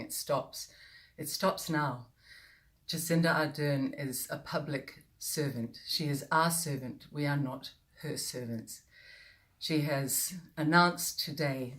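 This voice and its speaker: A middle-aged woman with a New Zealand accent, a former broadcaster, speaking straight to camera in an impassioned, emphatic way with deliberate pauses. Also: sits low. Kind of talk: direct-to-camera address.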